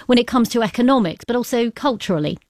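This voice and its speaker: A woman's voice: a little high, lively intonation, quick pace, a little mellow, no room sound, clean studio sound. A woman interviewer posing direct, probing questions to an author.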